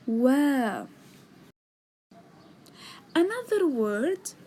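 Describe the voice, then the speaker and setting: A woman with a high-pitched, mellow, slightly rough voice teaches beginners the alphabet, recorded on a tablet microphone. She takes it slowly and sounds animated while patiently sounding out letters and words and explaining every step in her lesson narration.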